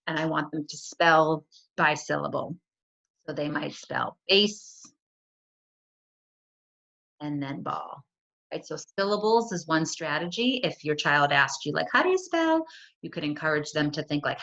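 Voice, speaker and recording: Woman, middle-aged, low voice, chatty teaching walkthrough, muffled computer-mic sound. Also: a bit bright. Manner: conversational, with frequent "like" and "right?" checks. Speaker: school literacy curriculum coordinator. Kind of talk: friendly teaching walkthrough for parents. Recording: dull lo-fi computer audio.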